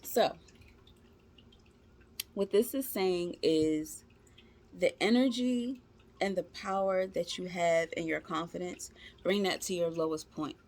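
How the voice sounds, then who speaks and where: A woman with a lowish voice gives a casual tarot reading. She talks to her viewers as "y'all" in chatty, informal slang, reassuring and encouraging them. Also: darkish tone. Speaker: tarot reader.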